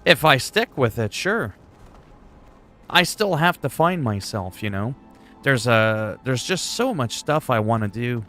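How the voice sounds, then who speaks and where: A man's voice: medium pitch, big pitch swings, a little slow, fairly bright tone, soft background music. A man streaming games, chatting in a rambling, joking way with some swearing. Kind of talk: casual chat while gaming.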